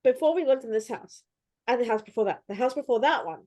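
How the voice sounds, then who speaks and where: Lively storytelling woman, dry close sound. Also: a little high, fast talker, no room sound. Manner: animated, acts out her own past reactions. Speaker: host. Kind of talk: casual storytelling chat.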